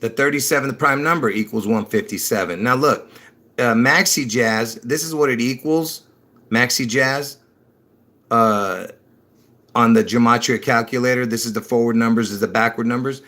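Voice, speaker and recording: A man talks on his own livestream in a loose, rambling way, circling back over the same points and then pushing them hard with sudden excitement. His speech is slightly slurred from dentures, and he chuckles when he trips over a word. His pitch sits in a middling range for a man. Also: moderate pace. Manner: rambling, repeats himself, bursts into excited emphasis. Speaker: livestream host. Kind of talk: rambling religious livestream talk.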